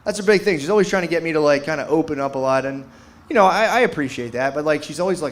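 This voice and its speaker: Laid-back middle-aged stand-up comedian. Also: male voice, a little high, animated, quick pace. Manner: laid-back rambling storytelling with acted-out quotes. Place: comedy stage before a live audience.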